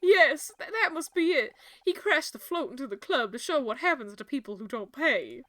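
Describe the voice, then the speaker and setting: A nervous, ashamed young club owner with a British accent pours out her troubles in a high, bright voice, as a woman puts her on while reading a mystery game. The sound is close and dry, with faint music behind. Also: lively intonation, normal speed, no room sound. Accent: British (put on).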